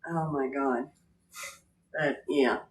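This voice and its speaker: A woman's voice: very deep voice, fairly even intonation, takes it slowly. A woman hosting a casual livestream, greeting viewers by name and laughing often as she chats. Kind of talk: casual live chat.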